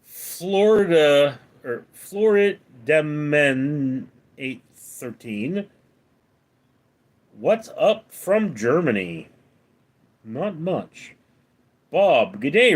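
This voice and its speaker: A man hosting a late-night live stream, reading viewer comments aloud and answering them with deadpan one-liners. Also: a little high. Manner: deadpan quips between read-out comments. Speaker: livestream host reading chat.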